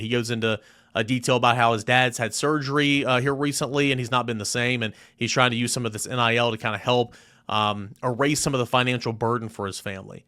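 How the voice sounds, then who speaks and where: An emphatic young man hosting a solo sports podcast at a mid-range speaking pitch. He talks straight to his listeners, and he presses harder on the key points as he makes his case. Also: fairly even intonation, quick pace, pushed and bright. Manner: emphatic, reads quoted letter aloud with rising emphasis.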